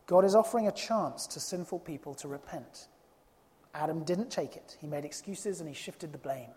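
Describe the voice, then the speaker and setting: Here a preacher hammers home his sermon with rhetorical questions, his middle-pitched voice echoing through a long hall reverb. The pace is normal and the delivery expressive and emphatic.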